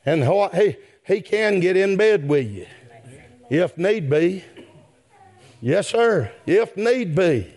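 A high-pitched male preacher delivers a sermon at a slow pace, his pitch swinging widely. He keeps returning to "my friend" and "yes, sir" as he addresses the congregation, rising into shouted climaxes.

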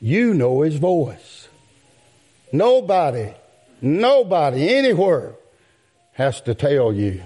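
Preacher guy, slow and mellow, keeps saying my friend, yes sir. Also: fairly high pitch, sing-song, husky. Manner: drawn-out, preachy cadence with rising outbursts. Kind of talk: sermon.

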